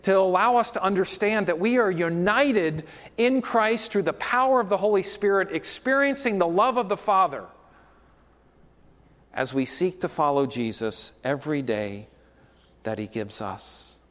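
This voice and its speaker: A man's voice: high voice, measured pace, fairly bright tone, long reverb tail. A man preaching a sermon as pastor, in a conversational way with frequent asides to the congregation.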